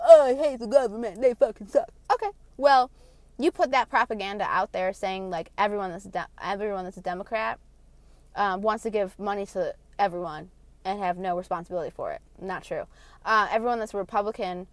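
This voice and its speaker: A woman delivering a heated, profane vlog rant, blunt and passionate, swinging between loud outbursts and quieter asides. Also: mid-range voice, fairly quick, dry recording. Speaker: vlogger. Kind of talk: ranting monologue.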